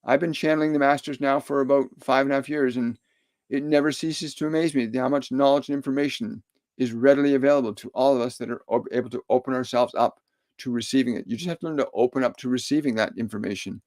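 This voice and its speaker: A middle-aged man, a spiritual medium, answers viewer questions in a live stream with calm, repetitive, soothing instructions. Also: mid-range voice, fast, no room sound.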